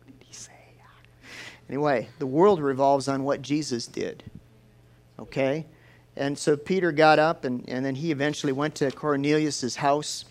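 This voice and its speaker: A man preaching a sermon in a folksy, lively storytelling way. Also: mid-range voice, moderate pace, long pauses.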